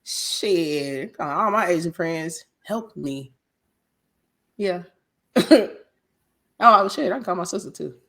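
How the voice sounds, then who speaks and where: A woman's voice: lowish voice, animated, takes it slowly, long pauses, a bit bright. A young woman co-hosting a podcast in frank, profane casual chat, laughing often. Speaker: podcast co-host.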